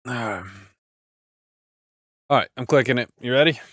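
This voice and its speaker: A man's voice: medium pitch, measured pace, fairly bright tone, no room sound, clean studio sound. A man in casual gaming chat with friends, teasing and trash-talking, stumbling over his words now and then. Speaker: gamer streaming with friends.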